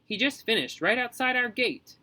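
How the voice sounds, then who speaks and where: A man's voice: very high-pitched, animated, normal speed, bright, forceful tone, pitched above the performer's own voice, full character voice, low-quality recording. A man voicing a whiny, pampered nine-year-old boy who wails and pities himself. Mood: sulky. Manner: wailing, self-pitying.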